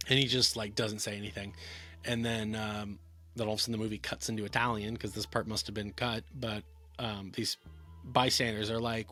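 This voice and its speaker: A man's voice: medium pitch, steady tone, moderate pace, faint music behind. Rambling man reviewing an old film. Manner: rambling, with many fillers and restarts. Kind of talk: casual talking-head film review.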